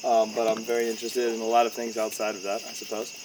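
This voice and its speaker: A man's voice: on the low side, fast, far from the mic. Joking man, a guest on a podcast. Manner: joking, enthusiastic. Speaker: guest, rhythm guitarist. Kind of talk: casual chat. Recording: steady background noise.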